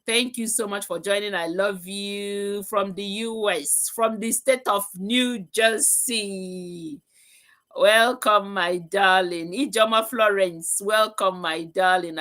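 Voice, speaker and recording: A woman leads a casual online coaching call, her tone bright and forward. She heaps endearments on each attendee, repeats her phrases, and swings between loud bursts and softer asides. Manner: effusive, greets attendees one by one with endearments; repeats phrases, pitch and loudness swing widely. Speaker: weight-loss coach hosting an online group. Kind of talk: casual live group call.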